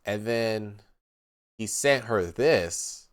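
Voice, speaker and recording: A man streaming live, reacting to text messages in casual commentary, mocking and animated, reading quotes in a flat voice. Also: on the low side, extremely slow, clear, resonant tone.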